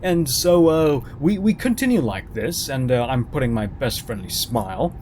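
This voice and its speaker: A man's voice: mid-range voice, very animated, moderate pace, a little mellow, slight background noise. A man reading a first-person horror story aloud, dramatic and sarcastic in his delivery. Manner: dramatic, sarcastic, swooping intonation.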